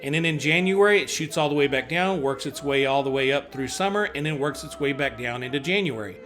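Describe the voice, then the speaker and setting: A real estate agent with a mid-range voice talks briskly through housing market charts. He's casual and chatty, breaking into sudden excited bursts and making self-mocking asides.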